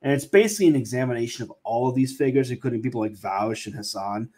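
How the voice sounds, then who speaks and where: Quick-talking male podcast co-host. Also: medium pitch, a little mellow. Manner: quick, earnest political commentary. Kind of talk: casual podcast chat.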